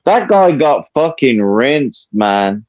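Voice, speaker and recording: A man in his fifties from the UK with a Birmingham accent, calling into a live stream and talking fast and animated, swearing freely and repeating "listen, bro". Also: medium pitch, dull audio. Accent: Birmingham English. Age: 50s. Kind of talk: casual chat.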